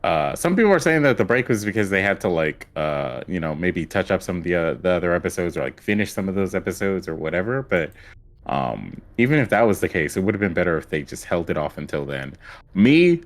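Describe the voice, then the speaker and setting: A man's voice: low-pitched, very animated, fairly quick. A man co-hosting a podcast, recapping a show in a rambling, casual way with lots of fillers and acted-out quotes. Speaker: podcast co-host. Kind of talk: casual chat.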